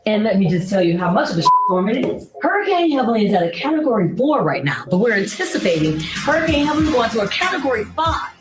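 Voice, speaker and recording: A woman delivers a dramatic mock storm warning like an announcer, her voice high and lively. The clip is echoey, with loud music playing behind her. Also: fast talker, few pauses. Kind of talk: mock weather alert.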